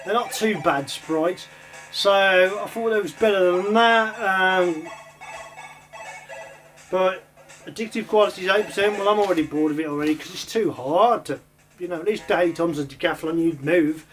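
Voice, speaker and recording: A man's voice: sits high, moderate pace, fairly bright tone, faint music behind. A man casually chatting while playing and reviewing old computer games, rambling with lots of ums and uhs. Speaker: retro game reviewer. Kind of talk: casual gameplay commentary.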